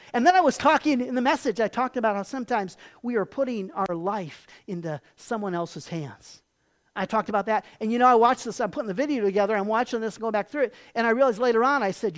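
A pastor preaching a sermon with animated storytelling and emphatic turns. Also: medium pitch, fast talker.

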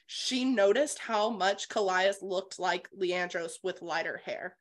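A woman co-hosts a relaxed book-club podcast with a middle-pitched voice. She retells the plot in an animated way and swears freely. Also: takes it slowly. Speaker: podcast co-host. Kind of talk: casual book-club chat.

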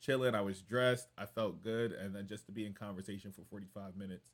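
A young American man hosting a casual recap podcast, animated and playful, laughing often. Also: fairly low pitch, brisk. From United States. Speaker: podcast host.

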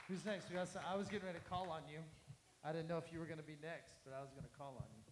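Pastor with a fairly high voice. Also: male voice, steady tone, rapid-fire, roomy sound, noisy background. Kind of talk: leading a church service. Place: church.

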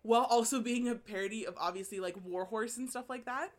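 A woman's voice: fairly high pitch, quick pace. A woman in casual podcast chat, talking animatedly, laughing often and swearing as she raves about a book.

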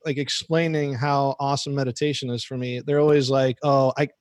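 A man's voice: mid-range voice, flat delivery, a little fast, a little mellow, dry recording, clean studio sound. A man hosting a podcast, chatting casually in a rambling way that is full of "like" and restarts. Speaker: podcast host. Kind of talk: casual chat.

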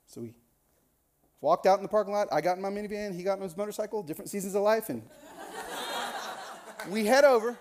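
A middle-aged man preaching with a lively, swinging pitch. His voice jumps up and down as he acts out the people in his story. He is a pastor at the pulpit, animated and expressive. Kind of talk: sermon with storytelling.

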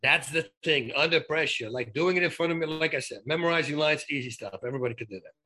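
A man with a fairly high, forceful and bright voice chats as an interview guest. He tells anecdotes with plenty of restarts and emphatic asides, in a relaxed, conversational way. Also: fast talker. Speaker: guest, former fighter turned actor. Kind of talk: casual storytelling interview.

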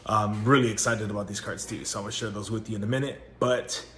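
A man's voice: on the low side, steady tone, quick pace, fairly bright tone. A man hosting his own podcast, chatting casually and rambling with many fillers and restarts, recorded at home. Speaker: podcast host. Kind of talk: casual solo podcast chat. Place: home laundry area, washers running. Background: dryer noise.

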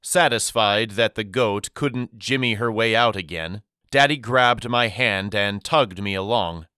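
A man narrating an audiobook chapter as the storyteller, in a measured, reflective manner. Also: lowish voice, sharp tone, clean tone, no room sound, clean studio sound. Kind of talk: scripted narration.

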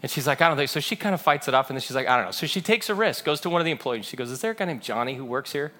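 A man's voice: mid-range voice, expressive, very fast, pushed and bright. A man preaching a sermon as pastor, telling stories with animation and acting out the voices of others in them.

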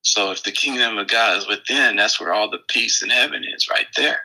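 A man co-hosting a casual spiritual podcast, thinking aloud in halting phrases with many fillers and restarts. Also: fairly low pitch, bright, forceful tone, rough recording. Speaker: podcast co-host.

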